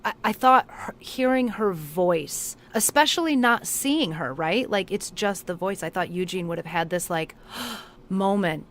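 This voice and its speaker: A woman co-hosting a podcast in casual chat, asking quick, questioning remarks. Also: mid-range voice, lively intonation, a bit bright, slight background noise. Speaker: podcast co-host.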